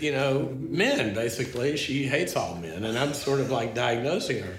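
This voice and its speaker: Animated storytelling man in a roomy space. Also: medium pitch, normal speed. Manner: animated, acts out dialogue, frequent restarts. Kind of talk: conversational storytelling. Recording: roomy with faint noise.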